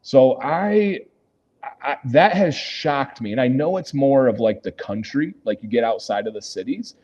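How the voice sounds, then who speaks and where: A man's voice: mid-range voice, animated, unhurried, darkish tone, muffled recording. A man from Michigan hosting a casual livestream, answering viewer comments and laughing often, speaking from a hotel lobby. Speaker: livestream host reading chat.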